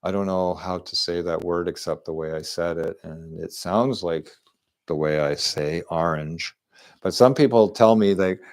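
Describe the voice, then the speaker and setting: A man's voice: low voice, a little slow, a little mellow. A middle-aged man, talking at home into a desk microphone in a rambling, repetitive stream monologue full of restarts. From Canada. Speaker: live streamer. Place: at home indoors.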